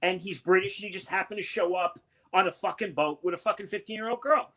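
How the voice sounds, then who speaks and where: A man doing a loud, brash and profane stand-up set over a video call. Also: high-pitched, quick pace. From Connecticut. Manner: loud, brash and profane, with sudden shouted bursts. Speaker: stand-up comedian.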